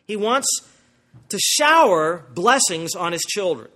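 A man preaching a sermon, explaining a Bible passage verse by verse, asking the congregation rhetorical questions and swinging between emphatic highs and soft lows. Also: very animated, slow pace. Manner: emphatic, wide swings in pitch and loudness. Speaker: pastor.

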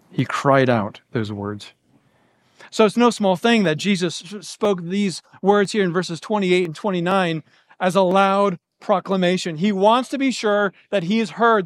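Male Bible teacher, high voice, explanatory and methodical, dry close recording. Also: no echo. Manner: explanatory, lays out options step by step.

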